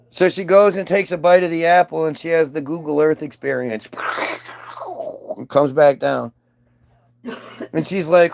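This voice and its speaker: A man's voice: on the high side, fairly even intonation, a little slow, creaky, pauses often, darkish tone, no room sound. A man delivering a profane comedic rant in a sarcastic, irreverent, rambling way.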